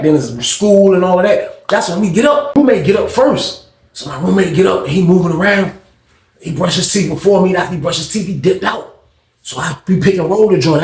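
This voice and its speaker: A man telling a story in a casual, animated, slang-heavy way and talking straight to his listeners. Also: high-pitched, reverberant.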